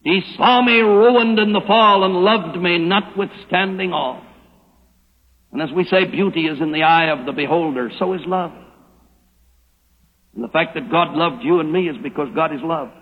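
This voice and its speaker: An older man preaching a sermon, emphatic and slowing down to stress the scripture he quotes. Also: on the high side, narrow, tinny audio. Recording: hollow old radio broadcast with hall echo.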